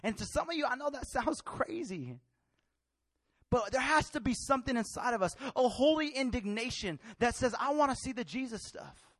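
A man preaching a sermon in a lively, colloquial way, acting out scenes with slangy voices. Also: extremely high pitch, moderate pace, no room sound. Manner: animated, colloquial, acts out Bible characters in street slang.

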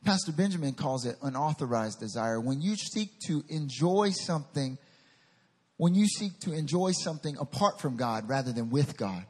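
A man delivers a sermon with a husky, somewhat high voice. He is animated and acts out the voices in the scripture story. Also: normal speed, long reverb tail. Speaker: pastor.

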